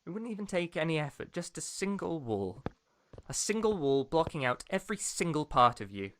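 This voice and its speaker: A man's voice: a little high, sing-song, brisk, fairly bright tone. An actor with a non-American accent voicing a smug, menacing male game villain, with a sneering, taunting delivery. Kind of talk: video game voice acting.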